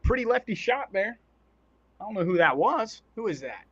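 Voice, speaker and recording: A man with a fairly high voice calls a basketball game in casual, excitable play-by-play. He chats between plays and laughs easily. The stream audio is dull and lo-fi. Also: moderate pace, breathy edge, dry recording. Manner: excitable, chatty, often laughs. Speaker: live-stream commentator.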